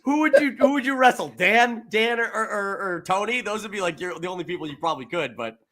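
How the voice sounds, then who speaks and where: A man's voice: high voice, lively intonation, quick pace, fairly bright tone. A man co-hosting a podcast in casual chat, telling stories animatedly, laughing often and acting out what others said. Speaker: podcast co-host.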